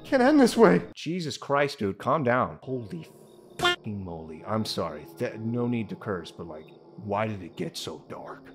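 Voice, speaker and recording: A young man talks through a horror game, cracking jokes and muttering to himself, then yelping and swearing when it gets scary. His pitch swings widely from low mumbles to high-pitched shouts. Game music plays behind him. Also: expressive, unhurried. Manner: jumpy and jokey, swearing and talking to himself. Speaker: let's play host. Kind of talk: horror game playthrough commentary.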